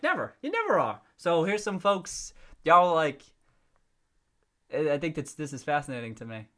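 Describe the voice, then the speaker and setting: A man's voice: fairly high pitch, pushed and bright. Playful, laughing man chatting on a livestream. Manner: chatty, playful, laughs often, restarts sentences; reacts to and reads out viewer comments. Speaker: livestream host reading viewer chat. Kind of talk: casual livestream chat.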